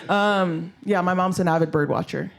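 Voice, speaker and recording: This high, gravelly male voice moves at an ordinary pace as a comedian performs live at a comedy show. He mocks himself bluntly, curses freely, and addresses the crowd directly.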